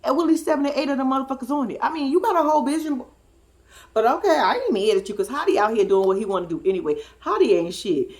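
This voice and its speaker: A woman hosting a casual recap commentary, talking in an animated, profane way and laughing often. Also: sits high, fast talker. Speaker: host.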